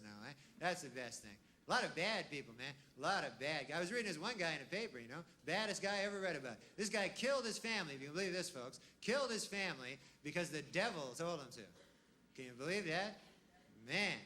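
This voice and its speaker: A man doing stand-up on a live comedy stage with a higher-than-usual, bright voice. His delivery is deadpan and meandering, full of little tag-ons, and he sinks into quiet mutters on his asides. A faint noise sits under the recording. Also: quick pace. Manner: deadpan and rambling, full of tag-ons like "huh?" and "you know"; drops low and quiet on throwaway asides.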